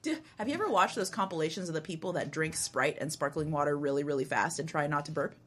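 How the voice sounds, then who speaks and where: A woman's voice: low voice, quick pace, slight background noise. A young adult woman hosting a radio show in a studio, chatting casually with a co-host and laughing often. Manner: giggly, animated, laughs often.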